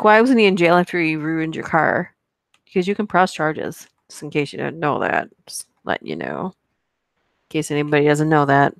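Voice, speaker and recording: A woman with a notably low voice reads stories aloud on a live stream, then drifts into casual, chatty asides to her viewers. The sound is close and dry, with no room echo. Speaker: YouTube horror story narrator. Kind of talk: live-stream story reading and chat.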